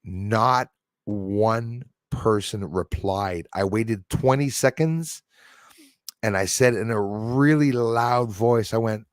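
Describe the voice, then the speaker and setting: A man's voice: lowish voice, takes it slowly, dry recording, clean studio sound. A man hosting a livestream, chatting casually and jokily while answering viewer comments, with frequent chuckles. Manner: rambling, jokey, chuckles often.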